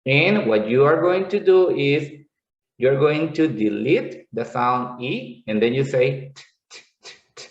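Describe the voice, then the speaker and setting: A man's voice: mid-range voice, expressive, unhurried, far from the mic. A man teaching English pronunciation, explaining patiently and repeating sounds over and over to demonstrate them. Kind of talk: classroom-style lesson explanation. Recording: echoey room, slightly dull lo-fi sound.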